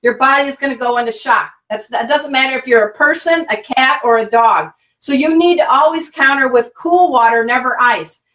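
A woman teaches pet first aid as an interview guest, vivid and instructive in a folksy, energetic way. Her voice sits high. The sound echoes around a room, and she sits somewhat back from the mic. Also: normal speed, hardly any pauses, far from the mic. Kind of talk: guest expert in an online interview. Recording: roomy, a bit off-mic.

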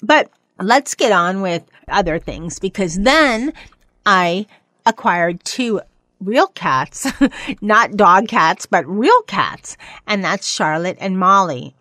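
Chatty woman hosting a pet show. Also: no room sound. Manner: chatty, rambling, playful, mimics excited pets in high voices. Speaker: pet podcast host. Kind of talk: casual monologue.

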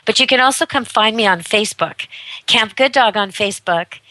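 A woman's voice: medium pitch, normal speed, sharp tone, no echo, rough recording. A woman hosting a pet radio show, talking casually and chattily, amused and laughing often as she tells stories. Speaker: radio show host, dog camp owner. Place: rural dog camp in Canada.

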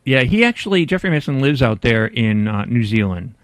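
A man's voice: mid-range voice, sing-song, a little fast, no room sound. Chatty male radio host. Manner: chatty, laughs easily. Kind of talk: casual radio chat.

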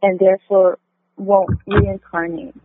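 A woman calling in to a radio show, hesitant and halting with many fillers. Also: mid-range voice, flat delivery, no room sound. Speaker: caller. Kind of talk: call-in question. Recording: tinny phone line.

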